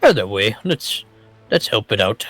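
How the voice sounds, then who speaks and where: A man playing a naive character at a tabletop game, loud and blurting. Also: lowish voice, sing-song, a little slow, faint music behind. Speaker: player. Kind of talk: in-character roleplay.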